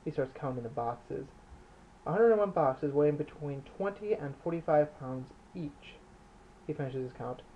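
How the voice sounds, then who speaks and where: A man reads his own novel aloud in a plain, unpolished way, stumbling and restarting now and then. His voice is gravelly and sits slightly high for a man. The recording sounds dull and lo-fi. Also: lively intonation, normal speed, a little hiss or hum. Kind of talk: audiobook narration.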